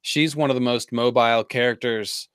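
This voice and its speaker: A man co-hosting a live stream Q&A, teasing and joking with his partner. His mid-pitched voice sounds dry and close, with no room around it. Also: steady tone, moderate pace, a bit bright, clean tone, dry recording. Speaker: co-host guest.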